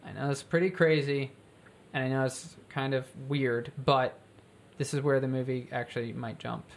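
Rambling, animated story-pitching speaker. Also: moderate pace, vocal fry. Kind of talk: casual brainstorming chat.

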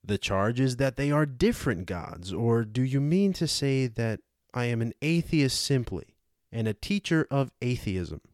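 A man's voice: mid-range voice, expressive, a little slow, a little mellow, dry recording, studio quality, lightly acted. A man reading as an old probing philosopher. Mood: indignant. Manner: rhetorical, cross-examining. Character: aged male philosopher, ironic and probing. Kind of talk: dramatized audiobook reading.

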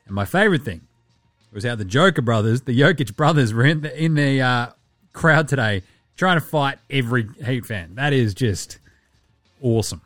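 A man's voice: mid-range voice, expressive, moderate pace, a bit bright, no echo, studio quality, soft background music. A man hosting a casual sports podcast, brash, profane and jokey. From Australia. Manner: brash, profane, jokey, puts on voices for quotes. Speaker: podcast host.

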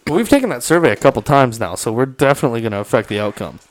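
A man tells a fishing-trip story in a loose, chatty way. He laughs as he goes and slips into the voices of the people he is quoting. His voice sits at an everyday middle pitch. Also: very animated, rapid-fire, slight background noise. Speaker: podcast host. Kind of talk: casual storytelling chat. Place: studio.

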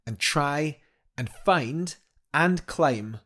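A man's voice: on the high side, expressive, extremely slow, bright, forceful tone. A man, a guest telling a climbing story in a casual podcast chat, enthusiastic and rambling with many restarts.

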